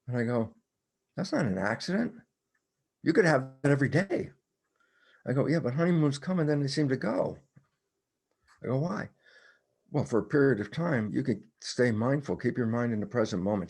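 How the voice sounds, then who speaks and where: Gravelly older man, animated storyteller. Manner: animated storytelling, acts out his own dialogue with sudden high bursts. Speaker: guest, cell biologist. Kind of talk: conversational explanation in a podcast interview.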